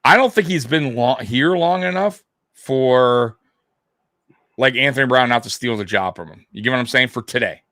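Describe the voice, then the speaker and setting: Laughing, animated man co-hosting a game stream. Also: mid-range voice, moderate pace, no room sound, studio quality. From half Italian heritage. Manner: animated, laughs often, repeats himself. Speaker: co-host of a sports watch-party stream. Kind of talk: casual live football chat.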